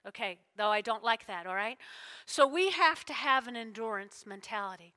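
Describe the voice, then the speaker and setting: A woman's voice: on the high side, lively intonation, moderate pace, bright, forceful tone. A woman pastor preaching a sermon, emotional and full of call-and-response with her congregation.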